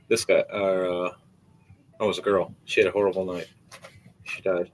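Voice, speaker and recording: Rambling low-voiced game master. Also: male voice, moderate pace, long pauses, slight background noise, poor audio. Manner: rambling, excitable, profane storytelling. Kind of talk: narrating a tabletop game.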